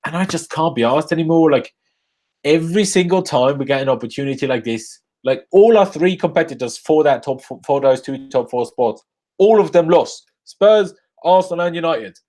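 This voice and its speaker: A young man live-streaming a rant after a football match, angry and swearing, jumping from loud outbursts to low muttering into a desk microphone. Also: lively intonation, normal speed. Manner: angry, swearing, swings between shouting bursts and low muttering.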